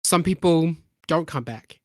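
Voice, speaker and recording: A man's voice: fairly high pitch, dark tone, dry recording, clean studio sound. A man narrating as game master of a tabletop role-playing game, loose and full of fillers. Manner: loose, filler-heavy narration with quick voiced asides.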